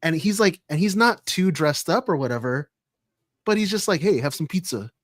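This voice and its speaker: Excited man in casual podcast chat. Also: a little high, moderate pace, no room sound, studio quality. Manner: excited, lots of "like" and "you know". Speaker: podcast co-host.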